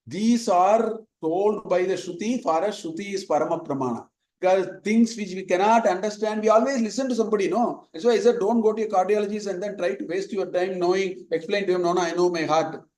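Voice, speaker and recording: Man teaching Vedanta, high voice. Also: fairly quick, a little mellow, echoey room, low-quality recording. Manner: conversational, digressive, tells stories, quotes Sanskrit verses. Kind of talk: spoken scripture lesson.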